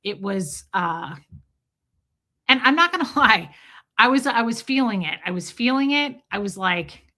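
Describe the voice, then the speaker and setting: A woman hosting a casual livestream, telling animated stories and greeting viewers by name. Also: fairly high pitch, a little slow. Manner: animated storytelling, reads out viewer names. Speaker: livestream host.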